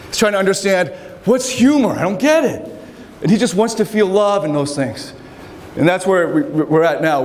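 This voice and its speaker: A middle-aged man giving an energetic, animated keynote talk to university students in a hall, casually swearing and swinging between low mutters and loud exclamations. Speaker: keynote speaker.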